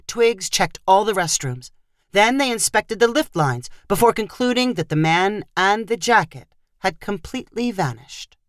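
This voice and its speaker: A woman narrating a fiction short story with expressive delivery. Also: medium pitch, measured pace, no room sound, studio quality.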